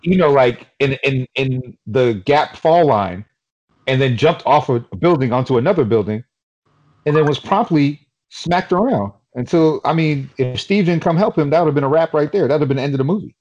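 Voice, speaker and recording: A man from Queens, New York, co-hosting a podcast in casual chat, telling stories in an animated, rambling way with lots of fillers. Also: a little high, normal speed, lo-fi sound. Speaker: podcast co-host.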